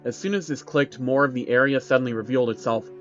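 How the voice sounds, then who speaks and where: Male horror story narrator, dramatic and tense, mid pitch, faint music behind. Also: quick pace, a bit bright. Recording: dull recording with background music.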